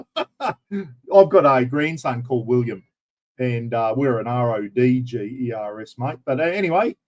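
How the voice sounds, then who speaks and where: A man's voice: on the high side, darkish tone. An older Australian man hosting a casual livestream, rambling and greeting viewers by name in broad slang. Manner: broad slang, says bloody often. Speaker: livestream host. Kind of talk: casual live chat.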